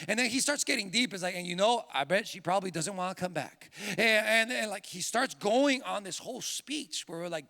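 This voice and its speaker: A man's voice: sits high, lively intonation, a little fast, gravelly, hardly any pauses, bright, forceful tone. A young man preaching a sermon, telling a personal story with animation and building to emphatic points. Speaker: pastor. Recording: long reverb from a church hall.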